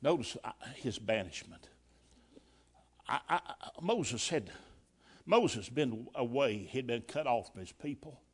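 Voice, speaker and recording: A man preaching a sermon as pastor, folksy and colloquial, acting out the scripture quotes with lively drama. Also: mid-range voice, unhurried, slightly rough.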